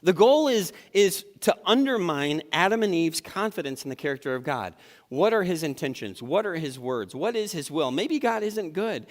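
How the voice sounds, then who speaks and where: Male pastor, conversational sermon, slightly high voice, reverberant church hall. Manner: conversational, acts out inner thoughts. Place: church sanctuary.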